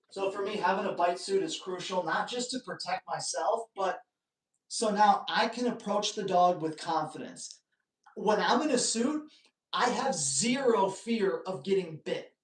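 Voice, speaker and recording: Male live-stream host, lively and joking, recorded at a distance in an echoey room. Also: high-pitched, a little slow. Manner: animated storytelling, joking asides. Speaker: dog trainer hosting a live Q&A. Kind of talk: casual live-stream talk.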